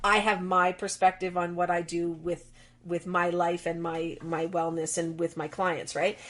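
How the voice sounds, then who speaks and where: Animated middle-aged woman telling stories. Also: lowish voice, unhurried. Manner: animated storyteller, acts out quoted dialogue. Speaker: guest. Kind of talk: conversational interview.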